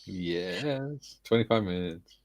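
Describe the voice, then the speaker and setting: A low-voiced man co-hosts a casual live stream. His pitch swings up and down as he teases the others and jokes with the chat. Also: expressive, slow, no echo. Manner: teasing, playful banter. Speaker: stream co-host.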